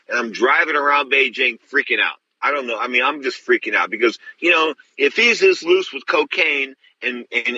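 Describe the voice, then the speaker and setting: A man's voice: medium pitch, sharp tone, slightly rough, highs cut off. A middle-aged man hosting a show, telling stories bluntly and rambling with many restarts. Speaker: host. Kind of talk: casual storytelling.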